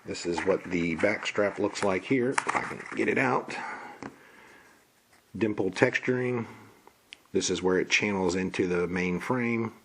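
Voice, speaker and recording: A man's voice: deep voice, unhurried, pauses often, a bit bright, slight background noise. A man casually walking through an unboxing, listing parts in a plain, matter-of-fact way. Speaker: gun reviewer.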